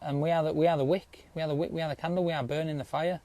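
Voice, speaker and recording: A man with speech talks in a rambling, insistent rant, packed with swearing and a habit of tagging "yeah?" onto his points. His voice sits a little high, yet it sounds dark and mellow. He addresses his viewers directly and casually. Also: steady tone, rapid-fire, no echo.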